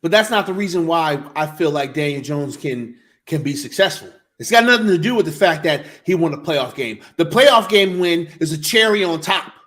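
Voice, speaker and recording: A man talks sports in a loose, joking way, swearing freely and circling back over his words. His voice sits high and sounds bright and forceful. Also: lively intonation, moderate pace, few pauses. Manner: loud, joking, profane, repeats himself. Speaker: podcast co-host. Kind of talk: casual sports talk.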